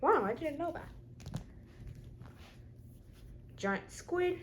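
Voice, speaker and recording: Slow-talking woman showing off her collection. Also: high-pitched, lively intonation, slight background noise, rough recording. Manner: chatty, lists items one by one with short comments. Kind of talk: casual show-and-tell vlog.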